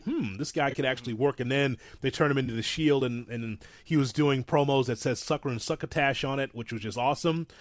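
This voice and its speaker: A man co-hosting a casual wrestling talk show, rambling and self-deprecating, with animated asides. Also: medium pitch, dry recording, clean studio sound. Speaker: podcast co-host.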